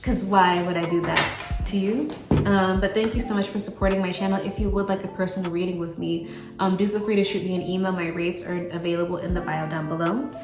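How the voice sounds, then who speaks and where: A woman's voice: lowish voice, steady tone, brisk. Blunt chatty woman reading tarot. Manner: blunt, chatty, swears freely, many fillers. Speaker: tarot card reader. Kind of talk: casual tarot reading to camera. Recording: roomy echo with faint music.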